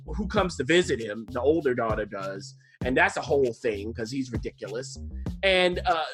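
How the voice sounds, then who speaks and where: Chatty man rambling through a TV review. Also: on the high side. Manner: chatty, enthusiastic, rambling with frequent restarts. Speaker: podcast co-host reviewing TV. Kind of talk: casual TV review chat.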